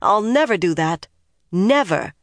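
A woman's voice: lowish voice, sing-song, measured pace, no echo, pitched above the performer's own voice. A narrator voicing a determined, stubborn young woman who speaks earnestly and pleads. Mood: resolute.

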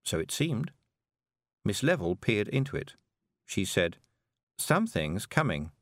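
A man reading a storybook aloud, expressive and lively. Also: on the low side, a little slow, no room sound, studio quality. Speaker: audiobook narrator. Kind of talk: scripted storybook narration.

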